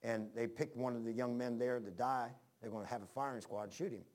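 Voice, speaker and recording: A man's voice: medium pitch, fairly even intonation, brisk, a little mellow. Rambling folksy man preaching a sermon. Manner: homespun, rambling, frequent restarts; reads scripture in old-fashioned wording. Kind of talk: folksy sermon with personal stories.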